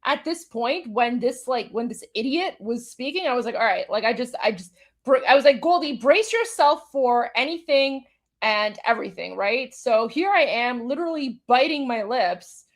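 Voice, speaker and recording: A woman's voice: on the high side, expressive, moderate pace. A woman hosting a live commentary show, reacting to a clip with incredulous, exasperated asides. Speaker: host.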